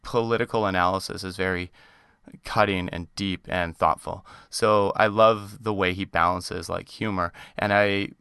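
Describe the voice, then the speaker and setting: A man's voice: deep voice, steady tone, normal speed, pushed and bright, smooth, no room sound, clean studio sound. A Canadian man hosting a podcast, chatting casually with lots of fillers. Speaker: podcast host. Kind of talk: casual chat.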